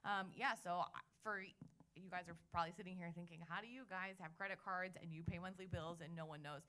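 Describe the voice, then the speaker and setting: A woman's voice: fairly low pitch, fairly even intonation, fast talker, pushed and bright, a little hiss or hum. A young adult woman candidly sharing her own story as an interview guest, chatty and full of "like"s and restarts. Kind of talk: candid conversational testimony.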